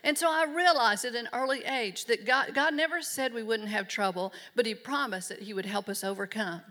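A woman's voice: fairly high pitch, fairly quick, sharp tone. A middle-aged woman preaching a sermon in an emphatic, earnest way. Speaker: pastor.

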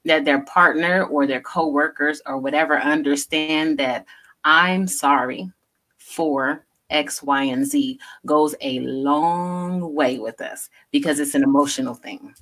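A woman with a low voice co-hosts a relaxed talk show. She explains things earnestly, often adding "you know" as she goes. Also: unhurried. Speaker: co-host. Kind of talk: casual talk show chat.

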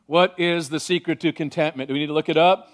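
A man preaching a sermon as pastor, animated and varied, slowing down when he reads scripture aloud. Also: fairly high pitch.

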